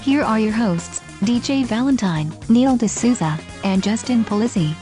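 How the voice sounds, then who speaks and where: A woman announcer reading a playful, scripted podcast intro with deadpan jokes. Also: a little high, unhurried, faint music behind.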